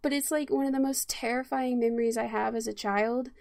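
Woman, casual storyteller, highish voice, dry close sound, laughs easily. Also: steady tone, a little fast, vocal fry, a little mellow, no room sound.

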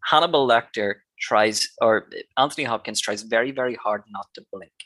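At a moderate pace, a man with a sharp, mid-range voice co-hosts a podcast, casually analyzing a film and breaking into occasional laughs. The recording is dry and rough.

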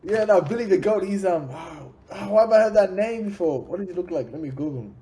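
A man's voice: sits high, fairly quick, a little hiss or hum. A man with an Australian accent, a rapper chatting casually as a podcast guest and acting out his stories with lots of energy. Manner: animated storyteller, acts out what people said.

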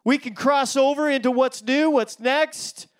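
A man's voice: extremely high pitch, a little slow. A male pastor preaching a sermon, telling a story in a chatty way with fillers and restarts.

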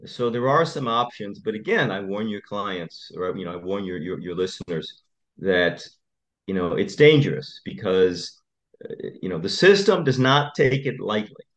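With a lowish voice and a moderate pace, the attorney tells stories as a podcast guest. His delivery is passionate and lively.

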